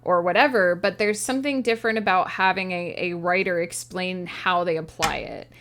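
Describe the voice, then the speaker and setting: A woman's voice: lowish voice, normal speed, a bit bright, slight background noise. A woman livestreaming as a writer, talking casually and earnestly to her chat from a home setup. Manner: earnest, reflective, talks to chat directly. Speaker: streamer and writer.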